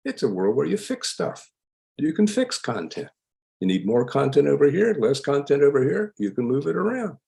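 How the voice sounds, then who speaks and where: An older man, a psychologist, explaining ideas in an emphatic lecture style with a gravelly voice. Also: mid-range voice, normal speed. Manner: lively, emphatic, laughs while explaining. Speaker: psychologist guest. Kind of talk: lecture-style interview answers.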